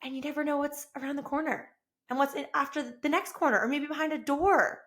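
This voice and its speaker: Woman podcast host, higher voice, effusive and excitable, casual solo talk. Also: fairly quick. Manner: enthusiastic, effusive, rising to excited bursts. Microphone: self-recorded with camera.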